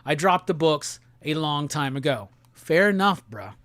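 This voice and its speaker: A man hosting a casual live stream. He talks in a laid-back, slangy way and reads viewer comments aloud in quick bursts. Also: on the high side, animated, a bit bright, dry recording. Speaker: livestream host. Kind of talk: casual livestream chat, reading viewer comments.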